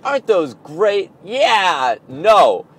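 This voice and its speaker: His husky voice sits high, with a sing-song lilt and stretched-out words, as he talks through his ideas for an audio blog. The tone is playful and self-mocking, and the reflection wanders casually.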